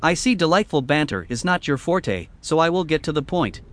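A mischievous godlike trickster, put on by a man reading aloud, sneers and teases with theatrical flair. His voice sits higher than the narrator's own and swings widely in pitch. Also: brisk, natural voice. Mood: mocking. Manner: theatrical, mocking, lively. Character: smug mischievous male godlike trickster entity.

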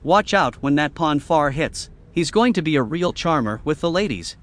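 A mischievous godlike trickster, put on by a man reading aloud, sneers and teases with theatrical flair. His voice sits higher than the narrator's own and swings widely in pitch. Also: normal speed, natural voice. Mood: mocking. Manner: theatrical, mocking, lively. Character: smug mischievous male godlike trickster entity.

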